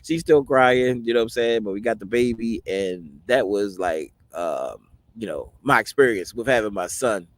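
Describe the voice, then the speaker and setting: Man, 40s, lowish voice, dry close sound; loose personal storytelling, heavy on fillers. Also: expressive, moderate pace, dry recording. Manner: rambling, many "you know what I mean" fillers. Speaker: host.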